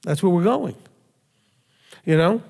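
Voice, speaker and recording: High-voiced man preaching in echoey hall. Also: expressive, takes it slowly, gravelly, darkish tone. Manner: emphatic, with rhetorical questions and self-answers. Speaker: rabbi teacher. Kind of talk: conversational sermon teaching. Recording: long hall reverb.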